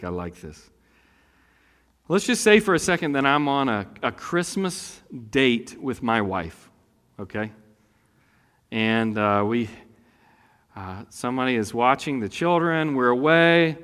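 A man's voice: mid-range voice, fairly bright tone. A male pastor delivering a conversational sermon, telling a story with acted asides. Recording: long hall reverb.

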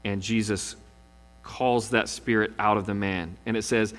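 A man's voice: lowish voice, a little slow, a bit bright, long reverb tail. A male pastor preaching a sermon, telling stories with animation and acting out the quoted lines.

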